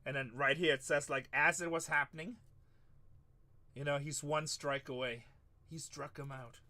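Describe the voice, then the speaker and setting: Male live card-break host with a high, sharp voice and a chatty, bantering manner. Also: steady tone. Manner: chatty banter with viewers, quick apologies. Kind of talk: casual live-stream chat.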